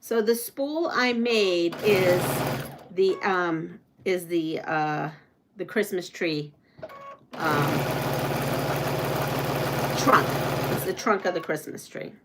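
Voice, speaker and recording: Slow-talking woman sewing on a live stream. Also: on the low side, heavy background noise. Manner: slow, thinking aloud while sewing, reading trivia questions. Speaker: quilting channel host.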